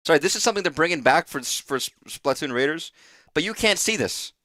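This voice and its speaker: Bright-voiced, rambling male game streamer. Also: on the high side, animated, fast, dry recording, clean studio sound. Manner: rambling, profane, restarts phrases. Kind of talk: casual live gameplay commentary.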